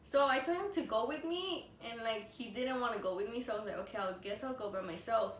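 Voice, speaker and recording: A young woman with a fairly high voice telling a spooky tale in a loose, rambling way, with plenty of "like" fillers and mid-sentence language switches. She sits a little away from the mic in an echoey room with a faint hiss. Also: fast talker, recorded from a distance. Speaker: vlogger co-host. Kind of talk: casual storytelling over a meal.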